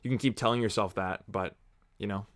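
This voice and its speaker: A man's voice: on the low side, steady tone, brisk, dry recording. Young male reviewer, dry close sound, sarcastic casual banter. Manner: chatty, sarcastic, juvenile jokes. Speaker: movie review host. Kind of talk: casual watch-along chat.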